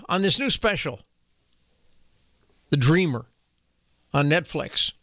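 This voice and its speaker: A man's voice: on the high side, a bit bright, no room sound, studio quality. Blunt, emphatic male commentary host. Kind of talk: opinion commentary.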